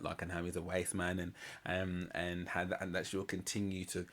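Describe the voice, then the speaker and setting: Man, low voice, slangy, animated, casual reaction chat. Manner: chatty, slangy, animated retelling with laughs. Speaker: reaction channel host.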